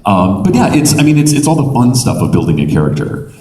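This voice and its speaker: A man speaking on a convention panel, a lively storyteller who laughs while he talks. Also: mid-range voice, fast talker, heavy background noise. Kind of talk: animated panel talk. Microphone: audience camera from far off. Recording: echoey hall from far off.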